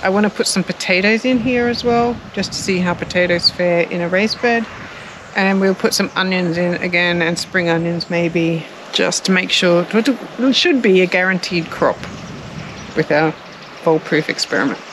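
A woman's voice: lowish voice, moderate pace, noisy background. An Australian woman chatting casually in her garden, laughing often and searching for words. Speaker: co-host of a gardening channel. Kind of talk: casual chat. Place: outdoors in a garden.

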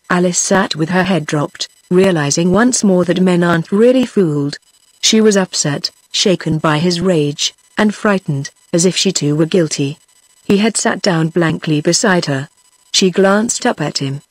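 A synthetic woman's voice with a British English accent, narrating an audiobook in an even, flat delivery. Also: on the low side, measured pace, husky, no echo. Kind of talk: text-to-speech book reading.

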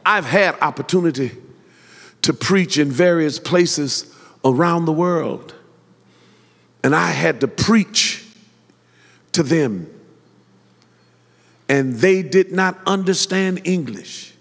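A man's voice: fairly high pitch, takes it slowly, long pauses, fairly bright tone. A man preaching a sermon as pastor, building up to hollering peaks and calling on the congregation to answer. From Detroit. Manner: preaching in rising, hollering build-ups with call-and-response. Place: church sanctuary. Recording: reverberant church hall.

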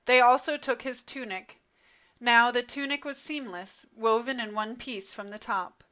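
A woman reads scripture aloud at an unhurried, deliberate pace, each phrase measured and solemn. Her voice sits a little high and bright. The recording sounds dull and lo-fi. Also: steady tone. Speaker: scripture reader. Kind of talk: slow scripture reading. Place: church.

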